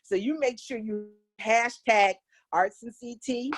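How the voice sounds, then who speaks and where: A middle-aged woman with an American accent teaching a casual voice lesson, animated and coaxing, chatting straight to her students. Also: on the high side, measured pace. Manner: animated, coaxing, demonstrates exercises aloud. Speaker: vocal coach.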